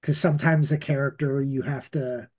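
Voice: medium pitch, steady tone, normal speed, a little mellow. A co-host in casual chat, giving brief agreeing replies.

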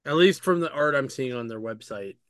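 A man's voice: mid-range voice, animated, brisk, a bit bright, no room sound, clean studio sound. A man hosting a casual chat, rambling with many fillers and restarts as he retells story scenes in his own voice. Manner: paraphrases characters' lines in his own voice. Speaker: podcast host reviewing comic books.

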